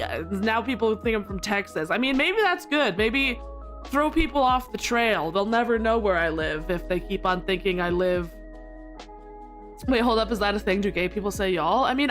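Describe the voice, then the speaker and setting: Woman streamer, casual rambling chat, giggly, mid-pitched with squeaky outbursts. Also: a bit bright. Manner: giggly, rambling, with frequent laughter; squeaky high protests when flustered.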